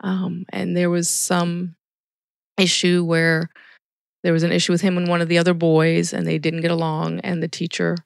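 A woman's voice: lowish voice, completely flat delivery, moderate pace, gravelly, no echo, clean studio sound. A middle-aged woman, a ministry volunteer, telling stories earnestly in a casual podcast interview. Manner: earnest storytelling with quoted dialogue.

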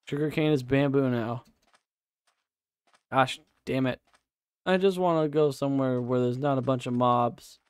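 A man's voice: medium pitch, steady tone, a little slow, pauses often, smooth, dry recording. A man giving casual, profane live commentary while playing a game, chatting to himself and his viewers. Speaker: streamer.

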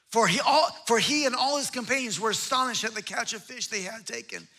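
High, bright-voiced preaching man. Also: big pitch swings, brisk. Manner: emphatic, with repeated phrases and restarts. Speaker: pastor. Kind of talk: sermon.

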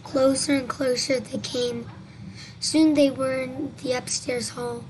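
High-voiced woman reading slowly. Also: fairly even intonation, noisy background. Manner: halting reading with restarts and stumbles. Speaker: story reader. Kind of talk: reading a scary story aloud.

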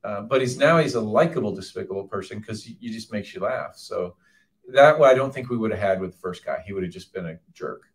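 A man, the film's director, talks to a theater audience after a screening. He tells his stories in a loose, relaxed way, often stopping to restart a sentence. His voice reaches the mic from a distance, so it sounds faint and roomy. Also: fairly low pitch. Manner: relaxed storytelling, halting restarts. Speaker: film director and writer. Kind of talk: live audience Q&A.

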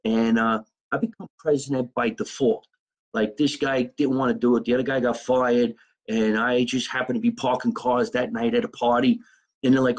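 A man's voice: medium pitch, flat delivery, moderate pace, rough recording. A man hosting a comedy podcast, telling a rambling, profane, improvised comic story.

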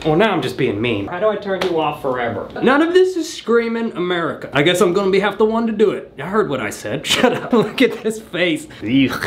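A man's voice: high-pitched, very animated, a little fast, hardly any pauses, noisy background. A man hosting a comedic product-review vlog, sarcastically roasting cheap props with bursts of laughter. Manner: bursts of laughter and startled yelps.

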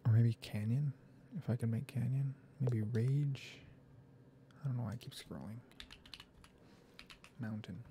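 Gravelly, soft-spoken gamer thinking aloud. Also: mid-range voice, a little slow, pauses often, slight background noise. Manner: thinking aloud, rambling, half-whispered muttering. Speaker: gaming video creator. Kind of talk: soft-spoken gaming commentary.

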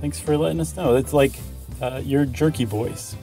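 A man's voice: medium pitch, normal speed, vocal fry, mellow, soft background music. A man co-hosting a casual podcast, chatting enthusiastically and rambling with restarts. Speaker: podcast co-host. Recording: dry close studio mic.

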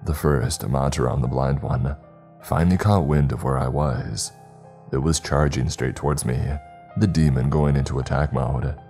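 A man narrating a horror story in a measured, dramatic manner. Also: very deep voice, steady tone, mellow. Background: faint background music.

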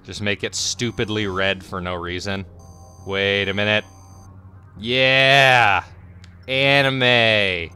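A young man giving casual, excitable commentary over his own gameplay, swearing freely and breaking into yelps and laughter. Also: low-pitched, moderate pace, clear, resonant tone, soft background music. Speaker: gameplay streamer.

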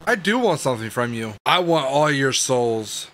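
A man's voice: mid-range voice, very animated, moderate pace, a bit bright, slight background noise. A man voicing a creepy male game villain who taunts the players, reading the lines out plainly. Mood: menacing.

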